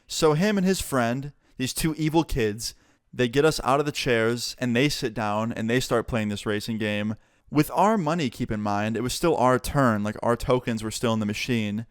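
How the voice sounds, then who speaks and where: A young man recounts a wild story in a loose, profane, animated way. His voice is smooth and clear, recorded very dry and close. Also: medium pitch, normal speed, no room sound. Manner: casual, swearing, animated storytelling. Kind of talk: storytime vlog.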